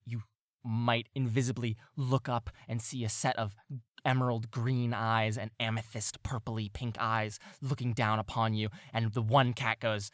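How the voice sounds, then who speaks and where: A man's voice: mid-range voice, level tone, a little slow, a bit bright, no echo, studio quality. A man narrating a tabletop game as game master, wandering through his descriptions and searching for words. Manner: meandering, searching for words with fillers.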